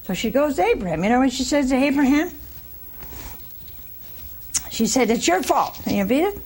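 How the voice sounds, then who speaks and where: A woman preacher giving a folksy, animated sermon, throwing rhetorical questions at her listeners. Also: high-pitched, moderate pace, slight background noise.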